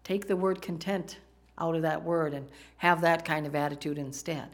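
A woman's voice: low-pitched, fairly even intonation, normal speed. A woman preaching a sermon, talking conversationally and asking the congregation questions. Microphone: microphone, PowerPoint slides in a church.

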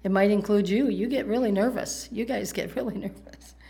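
A woman's voice: mid-range voice, brisk, vocal fry, dark tone. A middle-aged woman from the United States preaching a sermon, telling a story with humorous asides to the congregation.

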